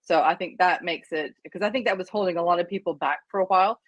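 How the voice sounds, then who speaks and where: A woman's voice: on the low side, quick pace, no echo, muffled recording. Friendly woman chatting on a webinar. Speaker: webinar guest. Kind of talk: casual conversation.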